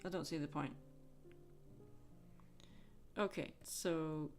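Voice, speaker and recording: A Scottish woman chatting frankly with soft laughs while drawing on a livestream. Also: lowish voice, unhurried, soft background music. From Scotland. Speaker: livestreaming artist.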